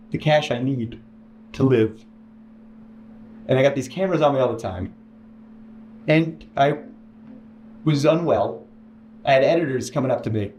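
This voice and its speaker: A man telling a painful personal story as an interview guest, halting and restarting, quoting others in a raised voice. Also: a little mellow. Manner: halting, many restarts, mimics others in higher voice. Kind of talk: emotional personal account. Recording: echoey room with faint hiss.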